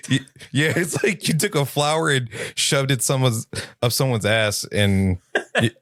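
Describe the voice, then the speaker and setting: A man's voice: medium pitch, measured pace, a bit bright, no room sound. A young man co-hosting a podcast, making dry, crude wisecracks in casual chat. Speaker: podcast co-host.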